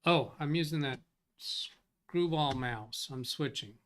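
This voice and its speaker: A man's voice: fairly high pitch, slow, a bit bright. A man hosting a tech support live stream, thinking aloud as he reads out viewer comments and corrects himself. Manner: rambling, self-correcting. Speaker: tech support livestream host. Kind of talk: casual live-stream chat.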